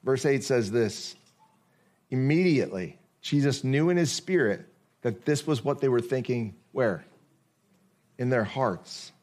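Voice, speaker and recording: A man preaching a sermon as pastor, conversational and full of rhetorical questions, reading scripture slowly and deliberately. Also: mid-range voice, expressive, darkish tone.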